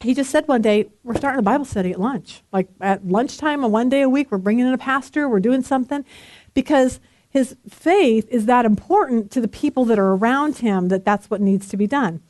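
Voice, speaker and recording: A woman in her forties leads a relaxed Bible study and talks as if chatting with friends. Her voice sits a little high, and she tells stories with lively energy and frequent laughter. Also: fairly quick, no echo. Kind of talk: casual Bible study teaching.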